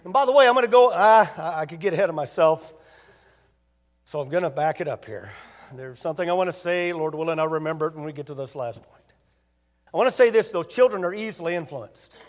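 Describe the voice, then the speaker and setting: High-voiced preacher in a hall. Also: male voice, animated, fast talker. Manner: emphatic preaching, rising to loud bursts. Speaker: pastor. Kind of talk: sermon.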